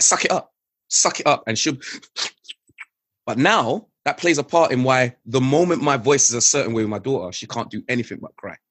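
An earnest man talks frankly in an interview, circling back to the same phrases to drive a point home. His voice is husky and slightly breathy at a middle pitch. The recording is close and dry, with no room around it. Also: a bit bright, no room sound. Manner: earnest, reflective, repeats key phrases for emphasis. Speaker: guest, father. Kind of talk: candid conversational interview.

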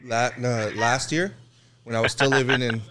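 A man's voice: medium pitch, steady tone, normal speed, a bit bright. Guy ribbing his buddy on a podcast, drawing the story out. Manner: teasing, builds stories up. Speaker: podcast co-host. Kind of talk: casual chat.

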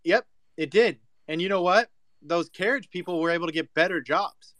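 A man's voice: high-pitched, normal speed, fairly bright tone, no echo. Brash, emphatic man ranting. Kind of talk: casual chat.

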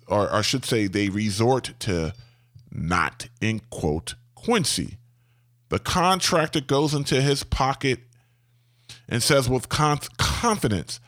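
Animated man telling a story, slow and dry. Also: dry recording. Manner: animated, emphatic, wide swings in pitch. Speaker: homeowner sharing a contractor story. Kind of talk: storytelling talk.

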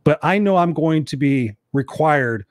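A man's voice: a little high, animated, a little slow, no echo, studio quality. A middle-aged man hosting a motivational talk show, speaking emphatically and repeating his key points for viewers. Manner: emphatic, repetitive, acts out quoted voices.

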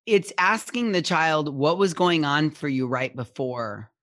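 A woman guest speaking as a parenting expert in a conversational interview, animated and acting out little quotes, often checking in with "right?". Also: deep voice, unhurried, no echo, studio quality. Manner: animated, acts out parent and child quotes, keeps asking "right?".

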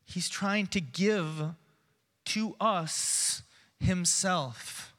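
Pastor, man, high bright voice, unhurried earnest sermon delivery, church hall reverb. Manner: measured, earnest preaching, dropping soft and slow for reflection. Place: church sanctuary.

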